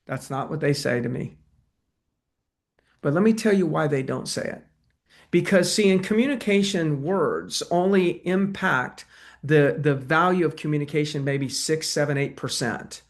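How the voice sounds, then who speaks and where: A man teaching agents how to win listings, lively, and he acts out both sides of a talk with a client. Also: on the high side, normal speed. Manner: energetic, acts out client dialogue. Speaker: real estate trainer. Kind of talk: sales training talk.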